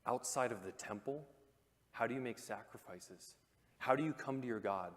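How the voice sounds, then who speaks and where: A man of ordinary pitch delivers a sermon in a church auditorium, his voice trailing a long hall reverb. He keeps it conversational and animated, tossing in jokes, then drops low and hushed for weight. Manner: conversational and animated, with joking asides and dramatic hushed pauses. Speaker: preacher.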